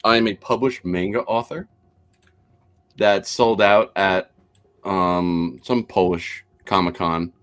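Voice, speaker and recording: A man chatting casually on a stream about his gaming projects, telling stories and acting out the people he quotes. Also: slow pace. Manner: animated storyteller, acts out quotes in higher voices. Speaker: game designer and dungeon master.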